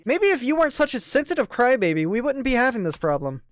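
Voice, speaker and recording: A voice actor voicing an angry, foul-mouthed young man who shouts and sneers at his friend in a visual novel dub. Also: mid-range voice, very animated, fast talker, no echo, pitched above the performer's own voice, natural voice. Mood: scornful. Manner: shouting, swearing, contemptuous.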